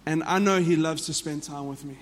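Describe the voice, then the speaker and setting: A man's voice: fairly high pitch, steady tone, brisk, in a large hall. A man with a South African accent, preaching a sermon to a church in an earnest way that often repeats and restarts phrases. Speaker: pastor.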